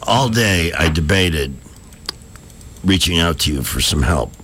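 A man's voice: low-pitched, animated, unhurried, sharp tone, husky. A man hosting a local radio show from the studio, rambling and self-deprecating as he tells stories. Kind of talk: casual morning radio chat.

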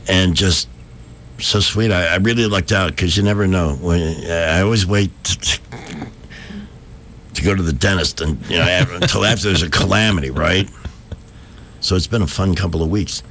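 A man's voice: low-pitched, normal speed, pauses often, a bit bright, a little hiss or hum. A man hosting a local radio show from the studio, rambling and self-deprecating as he tells stories. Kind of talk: casual morning radio chat.

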